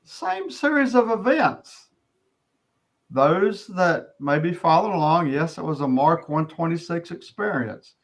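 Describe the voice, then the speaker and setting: A middle-aged man giving an earnest personal testimony as an interview guest, often halting and restarting his sentences. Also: fairly high pitch, big pitch swings.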